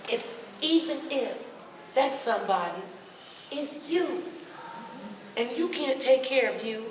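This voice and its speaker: Sassy woman speaker in an echoey hall. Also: fairly low pitch. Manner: sassy, lively, acts out voices. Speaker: motivational speaker. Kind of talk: humorous health talk to a live audience. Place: large hall with audience. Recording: echoey hall, mic from far off, noisy.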